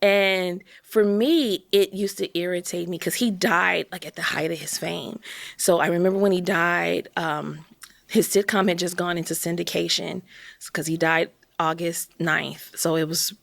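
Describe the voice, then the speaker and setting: A woman's voice: fairly low pitch, fairly even intonation, normal speed, vocal fry, fairly bright tone, no echo. A woman from Chicago, a podcast guest telling her story with emotion and acting out quotes. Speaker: interview guest. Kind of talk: candid podcast conversation.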